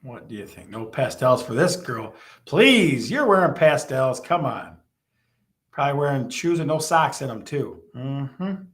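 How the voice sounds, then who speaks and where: A man's voice: mid-range voice, creaky. Teasing male live-stream host. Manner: teasing, animated, repeats questions to the chat. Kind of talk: live stream chat with viewers.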